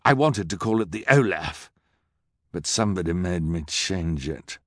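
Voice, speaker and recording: A man voicing a scheming, vain male villain in a gruff, gloating voice. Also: sits low, lively intonation, moderate pace, no echo, studio quality. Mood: sulky.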